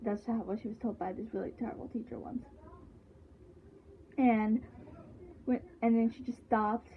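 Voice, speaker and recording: A woman's voice: on the high side, steady tone, normal speed, a little hiss or hum. Rambling woman on a tinny line. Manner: rambling, many fillers and restarts. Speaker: vlogger recapping a TV show. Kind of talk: casual chat. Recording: tinny phone-like sound.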